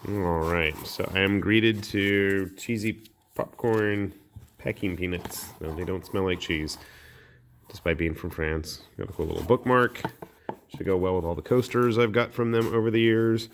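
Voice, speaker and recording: Deep-voiced man unboxing miniatures. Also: fairly even intonation, a little slow, vocal fry, slight background noise. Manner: chatty, thinking aloud while handling parts. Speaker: miniatures hobby channel host. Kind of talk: casual unboxing vlog.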